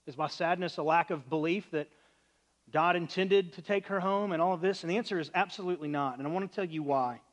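A man with a high, light voice preaches a sermon in an earnest, conversational way. He often softens to a hushed, gentle tone, and he talks plainly, as if chatting with his congregation. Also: quick pace. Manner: earnest, conversational, drops to quiet on sad moments. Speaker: pastor.

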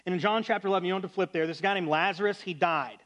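A male pastor preaching an earnest, conversational sermon that often drops to a quiet tone. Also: sits high, very fast.

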